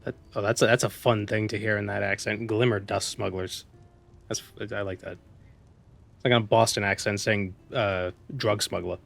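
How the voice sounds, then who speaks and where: A man's voice: on the low side, level tone, normal speed, vocal fry, fairly bright tone. A man streaming a video game, chatting casually, joking, and reading dialogue aloud. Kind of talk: casual gameplay commentary.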